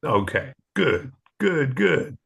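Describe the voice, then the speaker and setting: A man from the Southern United States, interviewing a guest with slow, measured questions and small stumbles. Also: medium pitch, very animated, gravelly, fairly bright tone, husky.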